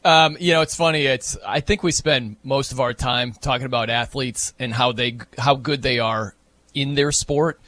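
A man hosting casual sports talk, animated, often laughing and jumping higher for emphasis. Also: moderate pace, no room sound.

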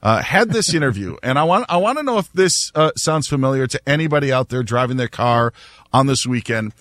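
A man's voice: mid-range voice, a little fast, dry recording. Guy hosting sports radio, chatty and laughing, bouncy voice, dry studio sound. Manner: animated, laughing storyteller. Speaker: radio talk show host. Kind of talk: casual sports talk.

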